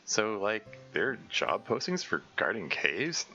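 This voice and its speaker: A man's voice: fairly low pitch, sing-song, unhurried, sharp tone, dull audio, faint music behind, exaggerated voice. Man as an easygoing young guy.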